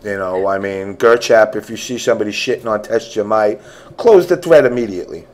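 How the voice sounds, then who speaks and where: A man's voice: fairly low pitch, a little fast, a little mellow, a little hiss or hum. A man hosting a casual online voice chat, laid-back and joking. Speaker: show host.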